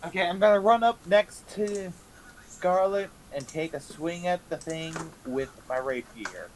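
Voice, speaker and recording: A player in a tabletop game, hesitant and thinking out loud. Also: medium pitch, unhurried, a little hiss or hum. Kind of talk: casual tabletop play.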